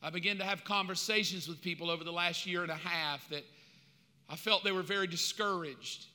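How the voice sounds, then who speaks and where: A male pastor preaching a sermon with a high, very bright and cutting voice. He is impassioned, rising to loud preaching and dropping to quiet asides. His voice carries a long reverb from the sanctuary hall. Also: a little fast.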